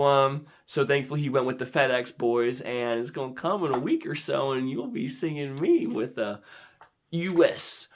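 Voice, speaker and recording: A young man telling an animated vlog story, excitable and prone to sudden dramatic squeals and shouts. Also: mid-range voice, fairly quick. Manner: excitable, with big dramatic squeals and shouts when quoting himself. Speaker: vlogger.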